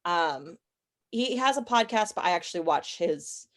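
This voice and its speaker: A young adult woman chatting as a podcast guest, opinionated and talkative, with quick asides and self-corrections. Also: on the low side, animated. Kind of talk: casual interview chat.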